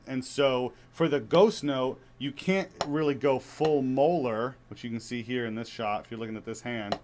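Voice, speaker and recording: A young-adult to middle-aged man, a father of young kids, gives a casual spoken drum lesson in a relaxed, chatty way. His medium-pitched speech is full of fillers and restarts, with slight background noise.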